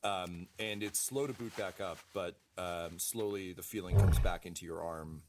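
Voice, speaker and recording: A man running a tabletop role-playing game as game master, describing scenes in a halting way full of fillers. His voice sits low, and clear background noise runs under it.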